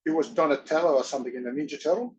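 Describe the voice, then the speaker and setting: A man as an interview guest, telling stories in an animated way, often laughing and acting out voices. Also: fairly high pitch, very fast, poor audio. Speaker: interview guest, wrestler and actor. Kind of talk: casual storytelling.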